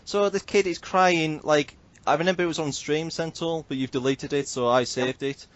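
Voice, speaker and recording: A man's voice: on the high side, steady tone, moderate pace, dull audio. A man, hosting a casual podcast and telling a story animatedly, swearing and mimicking others. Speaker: podcast host.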